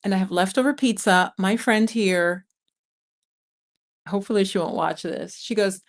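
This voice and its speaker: A woman's voice: mid-range voice, normal speed, vocal fry, long pauses. A woman, hosting a casual livestream, chatting and laughing as she reads viewer comments. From New York City. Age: 50s. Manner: chatty, animated storyteller who laughs often. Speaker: vlogger and livestream host. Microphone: streaming mic.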